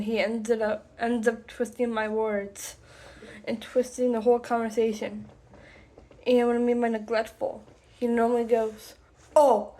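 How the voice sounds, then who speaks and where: A woman talking to the camera about something personal, slowly and haltingly, with many pauses and restarts. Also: a little high, a little mellow. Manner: slow, halting, deliberate with frequent pauses and restarts. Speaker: vlogger.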